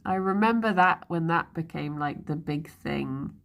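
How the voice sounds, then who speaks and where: A woman's voice: low-pitched, a little slow, gravelly. A young woman streaming live, chatting casually and rambling, laughing often as she goes. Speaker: livestreamer. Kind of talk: casual chat.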